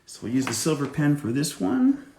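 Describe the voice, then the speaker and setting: A man's voice: a little high, big pitch swings, moderate pace, gravelly, warm tone, echoey room, slight background noise. A male voice actor chatting casually while signing autographs, joking about his own drawing. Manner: self-deprecating, chats while drawing and writing. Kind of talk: live autograph-signing chat.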